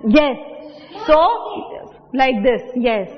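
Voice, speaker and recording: A woman's voice: a little high, very slow. A woman teacher with an Indian accent explaining English words to pupils, asking them questions and mixing in Hindi. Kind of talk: classroom English lesson. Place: classroom. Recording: dull echoey classroom recording.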